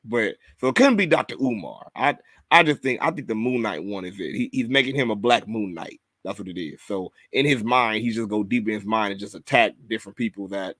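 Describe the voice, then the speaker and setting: A man with a lowish, fairly bright voice hosts a podcast, chatting casually about reviews. He rambles, curses, repeats himself, laughs, and reads viewer comments aloud, with no room sound in the recording.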